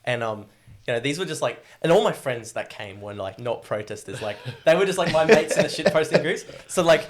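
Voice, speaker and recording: A man's voice: medium pitch, expressive, fairly quick, crowd noise. A young Australian man in his twenties, a guest telling his story in a rambling, casual way full of fillers and swearing.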